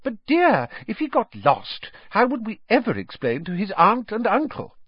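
A man voicing a fussy, doting middle-aged witch mother with an anxious, higher voice and a husky edge, on a dull, dry recording. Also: wildly swooping pitch, normal speed, no echo, heavily acted. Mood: fussing.

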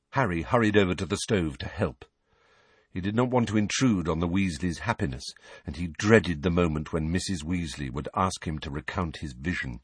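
Male narrator, low and husky, animated storyteller, dry close studio sound. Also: moderate pace, dry recording. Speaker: audiobook narrator. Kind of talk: scripted narration.

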